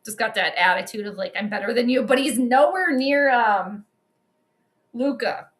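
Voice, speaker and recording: A young woman hosting a livestream, giving chatty and excitable commentary on a basketball game straight to her viewers. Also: a little high, moderate pace. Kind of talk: casual live commentary.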